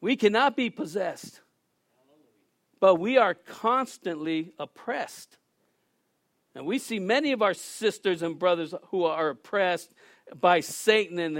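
A man with a high, light voice preaches a sermon to his congregation. He swells into loud, pleading emphasis and then eases back to calmer teaching. The sound is dry and close, with little room echo. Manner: preaching with rising emphasis, shouting at peaks. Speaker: pastor.

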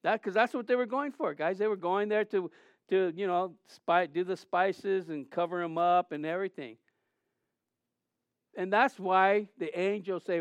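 A man delivers a sermon with a high, clear, smooth voice. He preaches conversationally, telling stories animatedly and often restarting his phrases. The sound is dry, with little room echo. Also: normal speed. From Southern California. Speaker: pastor.

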